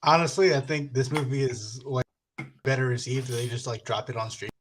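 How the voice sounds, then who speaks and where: A man's voice: mid-range voice, steady tone, a little fast, a little hiss or hum. A man co-hosting a podcast, chatting about a movie in a loose, slangy way and laughing often. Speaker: podcast co-host. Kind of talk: casual movie review chat.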